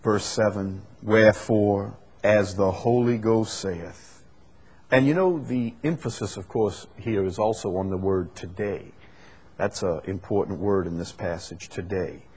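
A man preaching a Bible study sermon. He builds to loud, emphatic repetition and then drops back to quiet explaining. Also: on the low side, measured pace, husky.

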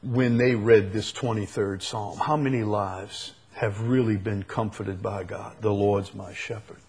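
Husky guy preaching slow, lowish voice, repeating phrases for emphasis. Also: steady tone, a little mellow. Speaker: pastor. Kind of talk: sermon.

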